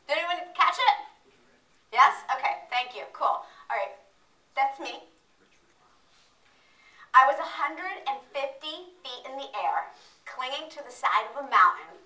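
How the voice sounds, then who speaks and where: High, bright-voiced woman workshop presenter. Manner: energetic, playful, talks with the audience. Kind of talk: motivational training talk. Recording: echoey room, distant mic.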